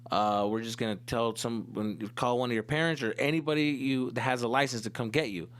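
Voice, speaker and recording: A man voicing a stern adult police officer who questions in a flat, businesslike way. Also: medium pitch, a little fast, lightly acted.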